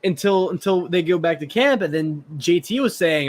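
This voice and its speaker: A man's voice: sits high, expressive, moderate pace, hardly any pauses. A man with a Southern American accent co-hosting a podcast, chatting casually and often repeating words as he starts a sentence. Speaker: podcast co-host. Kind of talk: casual chat.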